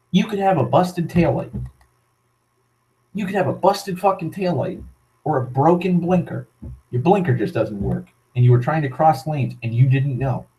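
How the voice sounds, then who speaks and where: A man's voice: fairly high pitch, warm tone, rough recording. A young man from Massachusetts ranting casually into his camera, heavy with profanity, sardonic asides and rambling restarts. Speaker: vlogger. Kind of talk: casual rant.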